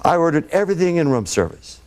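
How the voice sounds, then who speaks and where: A man's voice: a little high, sing-song, fast, a little mellow. A man telling rambling, laughing anecdotes as a guest on a TV talk show. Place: TV studio.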